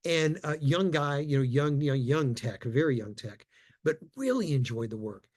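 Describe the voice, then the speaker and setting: A man giving a conference talk, telling a personal story in a lively way, often repeating words and acting out the voices of people he quotes. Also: a little high, normal speed. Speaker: conference speaker.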